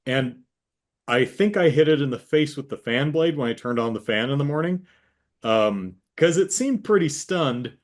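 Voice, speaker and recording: A man's voice: medium pitch, lively intonation, moderate pace. A man hosting a casual chat with his sister, telling a rambling story and acting out the voices in it. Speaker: host.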